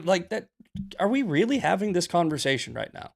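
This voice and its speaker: A man's voice: high voice, very animated, fairly quick, vocal fry. A young man hosting a political livestream, arguing heatedly with his chat in a combative, ranting way. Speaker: political commentator and show host. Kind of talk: livestream commentary answering chat.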